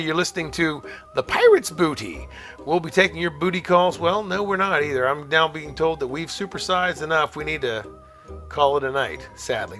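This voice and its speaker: Bright, chatty man hosting a call-in show. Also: fairly high pitch, sing-song, moderate pace, soft background music. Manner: chatty, rambling, laughs often. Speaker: call-in radio show host. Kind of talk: casual call-in show chat.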